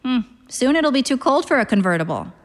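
A woman reading aloud and voicing a flirty, attention-seeking single mother in a breathy, theatrical manner. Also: sits high, sing-song, fairly quick, voice pushed up. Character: flirty, showy middle-aged single mother.

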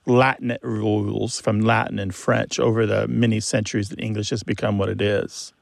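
A man's voice: lowish voice, flat delivery, moderate pace, creaky, no room sound. A man co-hosting a radio show about language, explaining word stress enthusiastically to a caller. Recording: dry studio mic.

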